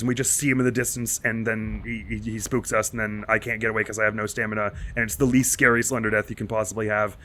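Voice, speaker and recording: Male let's-play host, bright tone, rambling nervous horror commentary, panicky mumbles under stress. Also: fairly low pitch, little pitch movement, fast talker, few pauses. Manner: rambling and self-mocking, jittery with nervous asides. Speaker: gaming channel host.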